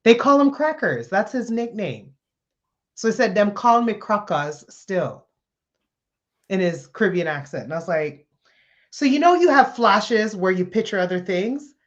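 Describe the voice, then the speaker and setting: A woman guest, a comedian, telling a funny story in conversation with lively laughter. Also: medium pitch, moderate pace. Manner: animated, laughing as she tells the story. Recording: slightly dull lo-fi sound.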